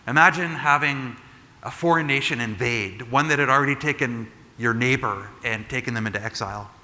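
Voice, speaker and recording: Male pastor, bright voice, chatty sermon delivery, long hall reverb. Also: mid-range voice, brisk. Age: adult. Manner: conversational, animated retelling with frequent "like" and "right?".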